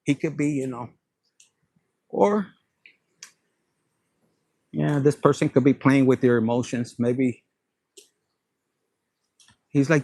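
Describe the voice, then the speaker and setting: Give me a man with a fry-heavy voice doing a playful tarot reading, recorded dry and close. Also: a little high, sing-song, unhurried, long pauses, dry recording. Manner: profane, playful and gossipy, drops Spanish phrases. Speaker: tarot reader.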